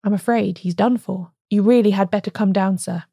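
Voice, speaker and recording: Picture a gruff, outspoken village cobbler with a hoarse, hushed voice, as a woman narrator puts him on in an audiobook. The tone is warm and mellow, and the recording is close and dry. He speaks in a low, respectful whisper. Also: fairly even intonation, a little fast, dry recording. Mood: grave. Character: blunt middle-aged male village cobbler, outspoken. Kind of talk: audiobook character voice.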